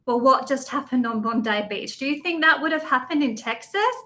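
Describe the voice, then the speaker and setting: Aussie woman guest, blunt and fired up, bright sharp tone. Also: sits high, a little fast. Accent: Australian. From Australia. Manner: blunt and emphatic, with rising indignation. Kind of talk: impassioned interview talk.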